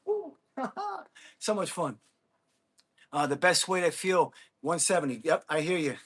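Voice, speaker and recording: Male streamer mid-workout, high voice, loud whoops, blunt and combative. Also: unhurried, slightly rough. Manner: energetic, whooping, talking to chat between hits; blunt and combative toward trolls. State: exerting himself while hitting a ball. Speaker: livestreamer. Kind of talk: casual livestream chat while training.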